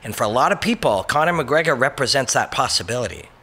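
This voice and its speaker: Bright-voiced man rambling emphatically as host. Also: mid-range voice, lively intonation, fast talker, breathy edge. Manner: rambling and emphatic, with frequent swearing; breaks into brief mocking voices for quotes. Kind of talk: casual motivational monologue.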